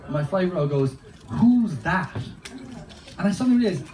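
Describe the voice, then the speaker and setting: A man's voice: sits high, animated, rapid-fire, dark tone. A man performing a stand-up comedy set, telling rambling, sweary anecdotes in a loose, chatty way. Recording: roomy, distant, noisy live recording.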